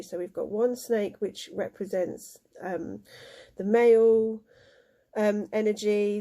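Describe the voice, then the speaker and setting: Warm, mellow woman reading cards, tender and hesitant. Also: medium pitch. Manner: emotional, soft-spoken, halting with fillers. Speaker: tarot card reader. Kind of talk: spiritual card reading to camera.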